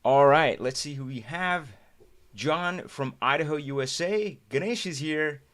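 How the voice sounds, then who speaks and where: A man's voice: fairly high pitch, a little slow, a bit bright. Chatty male livestream host. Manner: chatty, greets viewers by name. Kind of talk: casual livestream chat.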